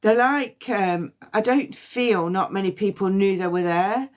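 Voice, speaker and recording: A woman giving a past-life psychic reading on a phone livestream, halting and repeating words as impressions come to her. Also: medium pitch. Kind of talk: livestream reading and guided release.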